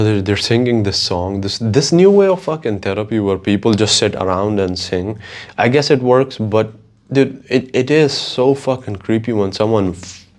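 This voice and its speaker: A man hosting a podcast, talking casually on his own in a profane, rambling way. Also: fairly low pitch. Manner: profane, rambling, animated storytelling. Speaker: podcast host. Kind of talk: casual solo monologue.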